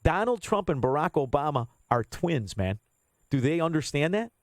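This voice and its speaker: A man's voice: a little high, very animated, moderate pace, no echo. A man hosting a political talk radio show, blunt and combative, swearing freely.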